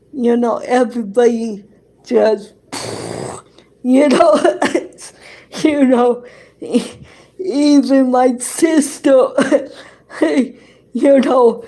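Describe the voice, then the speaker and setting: A woman telling a personal anecdote in casual chat, halting and repeating herself, with loose grammar and frequent laughter. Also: fairly high pitch, vocal fry, dark tone. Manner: very slow, halting, repeats words and restarts often; non-standard grammar, dropped verbs and articles. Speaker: storyteller.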